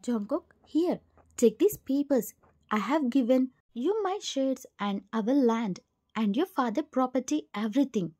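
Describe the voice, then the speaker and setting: A woman voicing a remorseful middle-aged mother who speaks softly and apologetically, in a storybook reading. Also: sits high, lively intonation, a little slow. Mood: gentle. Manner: soft, apologetic.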